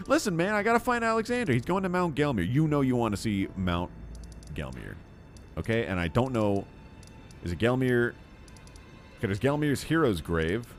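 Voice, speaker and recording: A man's voice: mid-range voice, sing-song, moderate pace, long pauses, faint music behind. A man streaming a video game, chatting casually in a jokey, rambling way and muttering to himself as he plays. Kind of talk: casual gameplay commentary.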